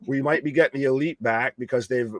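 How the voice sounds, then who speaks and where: Male co-host, mid-pitched, jokey and profane storyteller. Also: brisk, a little hiss or hum. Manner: joking, profane, tells mock stories. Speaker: podcast co-host. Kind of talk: casual wrestling chat.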